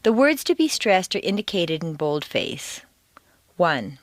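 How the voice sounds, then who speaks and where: American lady reading an accent course, big swoopy pitch, dead dry studio sound. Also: very animated, dry recording. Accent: General American. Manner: slow, deliberate, exaggerated intonation for learners to repeat. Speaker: accent teacher. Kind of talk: scripted audio lesson.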